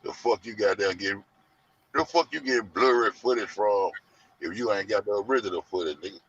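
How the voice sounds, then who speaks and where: A man, ranting loud and profane to his online audience in heavy slang. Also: fairly low pitch, brisk, husky, no room sound. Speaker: show host. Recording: muffled lo-fi audio.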